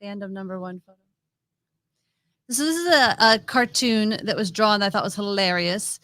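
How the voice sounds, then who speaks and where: A woman's voice: medium pitch, normal speed, bright, forceful tone, no echo. A woman co-hosting a casual chat show, talking with gushing enthusiasm. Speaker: podcast co-host.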